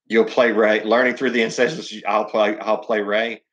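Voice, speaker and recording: Southern man, rambling profane stream host, lowish voice, dull lo-fi sound. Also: little pitch movement, moderate pace, a bit bright. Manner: rambling, profane, many ums and restarts. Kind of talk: casual live chat reading comments.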